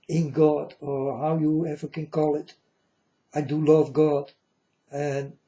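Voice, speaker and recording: Man, rambling preachy monologue, slightly high voice, muffled lo-fi sound. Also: vocal fry, mellow. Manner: slow, repetitive, preachy, addresses viewers as folks. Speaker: self-styled prophet. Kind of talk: rambling religious monologue to viewers. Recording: dull lo-fi sound.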